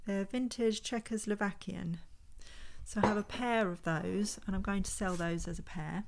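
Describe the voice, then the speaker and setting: A woman's voice: mid-range voice, fairly even intonation, vocal fry, background noise. Chatty woman showing her finds. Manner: chatty, unhurried, thinking aloud while handling items. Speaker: vintage homeware reseller. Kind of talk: casual show-and-tell vlog. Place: at home.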